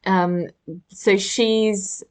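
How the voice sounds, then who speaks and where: A woman's voice: medium pitch, steady tone, very slow, clean tone. A woman co-hosting a film podcast, chatting casually with lots of "like" and acted-out quotes. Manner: chatty, full of "like", acts out quotes. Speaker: podcast co-host. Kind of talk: casual chat.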